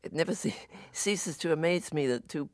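A man's voice: on the high side, lively intonation, normal speed, darkish tone, no echo, clean studio sound. Chatty enthusiastic male interview host. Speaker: radio show host. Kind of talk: casual interview chat.

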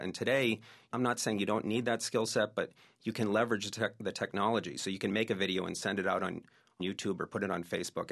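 Man, oral historian, interview guest, rapid talk, deep voice, anecdotal. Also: gravelly, fairly bright tone. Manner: eager, anecdotal storytelling. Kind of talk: interview guest explaining his research.

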